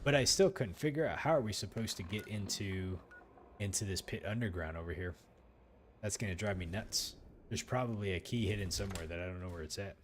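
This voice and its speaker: A man's voice: low voice, brisk, a little hiss or hum. A man hosting a let's play, giving loose, rambling commentary full of fillers as he plays.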